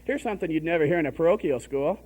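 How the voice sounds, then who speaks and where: A man's voice: on the high side, lively intonation, racing, a little mellow, poor audio. A young man doing a stand-up comedy set on a live stage, chatty and full of "you know". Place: live stage before an audience.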